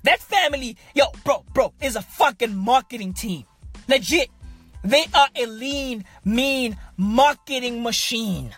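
A woman's voice: a little high, lively intonation, measured pace, a bit bright, husky, faint music behind. A woman hosting a podcast from inside a parked car, delivering a crude, repetitive comedic rant. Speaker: podcast host.

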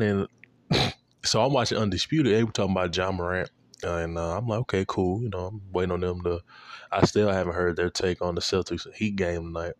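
Young male vlogger, low voice, dry close sound, loose slangy rambling with lots of cursing. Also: a little fast, no echo. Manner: loose, profane, full of fillers and slang. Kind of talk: casual rambling storytelling.

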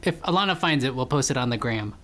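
A woman co-hosting a podcast in casual chat, relaxed and laughing along. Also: a bass voice, fast talker, a little hiss or hum. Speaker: podcast co-host.

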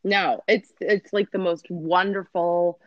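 A woman in casual chat, expressive and quick to laugh and react. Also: on the low side, dry recording. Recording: dry dull lo-fi audio.

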